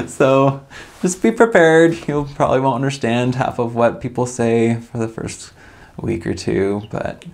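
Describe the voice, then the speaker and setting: A young man telling a casual story in a relaxed, rambling way, full of "like" and restarts. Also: medium pitch, a little slow.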